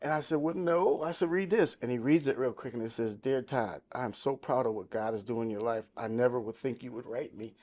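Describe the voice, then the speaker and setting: This podcast guest is a man in his sixties with a mid-range, darkish voice who talks a little fast and barely pauses. He tells his life testimony in casual conversation, emphatic and story-driven, quoting the people involved.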